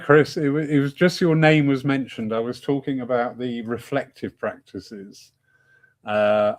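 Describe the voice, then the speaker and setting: A man hosting a discussion evening, chatting in a rambling, self-mocking way and laughing often. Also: medium pitch. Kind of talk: casual rambling talk.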